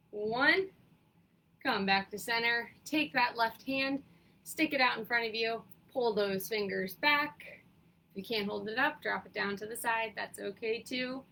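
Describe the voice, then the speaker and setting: A young woman leading a seated exercise class, with a raspy morning voice, counting down and giving encouraging cues. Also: on the high side, bright, forceful tone, low-quality recording. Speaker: fitness instructor.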